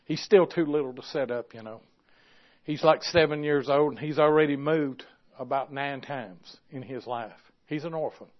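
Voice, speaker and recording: A man preaching a sermon, moving from quiet, hushed storytelling to loud, impassioned exhortation. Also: medium pitch, moderate pace. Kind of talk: sermon with stories. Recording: dull lo-fi recording.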